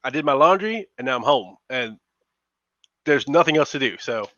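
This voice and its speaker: Brief: relaxed guest, lively pitch, teasing, muffled call line. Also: male voice, moderate pace, dry recording. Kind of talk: casual chat. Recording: dull dry call audio.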